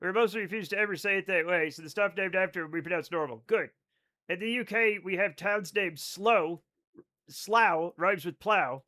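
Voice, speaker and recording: A man's voice: high voice, a little fast, pushed and bright. A young man streaming a game live, chatting casually and swearing freely as he reads and answers chat. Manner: chatty, profane, reads chat aloud and riffs on it.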